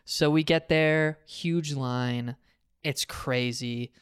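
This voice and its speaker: A young man telling a story in casual chat, swearing often, his voice jumping high when he gets riled. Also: fairly even intonation, extremely slow, smooth, no echo, studio quality.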